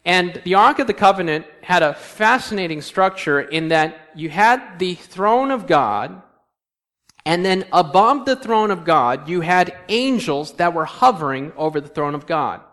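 A man preaching a sermon in a church. He reads scripture aloud and quizzes the congregation, moving between quiet asides and emphatic lines. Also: high voice, lively intonation, a little slow. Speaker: pastor. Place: church sanctuary.

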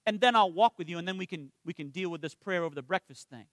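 A male minister preaching a sermon in a conversational way. He tells personal stories, asks the congregation for responses, and slows down and softens on spiritual points. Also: high voice, no echo, studio quality.

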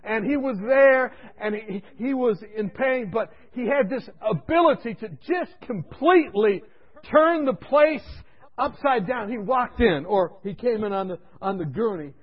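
A male preacher telling a story in his sermon, animated and conversational, dropping to a hush for asides. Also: extremely high pitch, unhurried, slightly rough, lo-fi sound.

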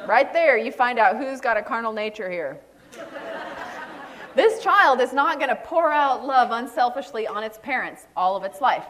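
A woman preaches with lively storytelling, slipping into the voices of the people in her anecdotes. Her voice sits a little high. She sounds middle-aged. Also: normal speed, a faint crowd. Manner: animated storytelling, acting out quoted voices. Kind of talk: sermon.

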